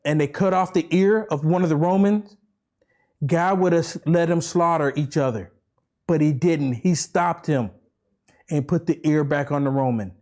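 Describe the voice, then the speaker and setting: Fervent high-voiced man ranting to camera. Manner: repetitive, rambling, with urgent rhetorical questions; swings from fervent near-shouting to low, slow preaching. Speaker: political vlogger. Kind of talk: impassioned political rant to camera.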